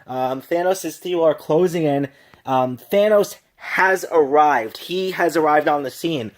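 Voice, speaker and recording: A man's voice: on the high side, unhurried. A tipsy man casually reviewing a film on his vlog, gushing and rambling with many restarts and laughs.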